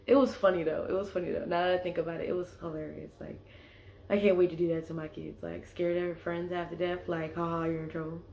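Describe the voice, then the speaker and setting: A woman's voice: on the low side, little pitch movement, fast talker, gravelly, a little mellow, highs cut off, a little hiss or hum. A young woman casually telling a personal story, filling her sentences with "like". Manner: chatty, leans on "like" as filler. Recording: echoey room.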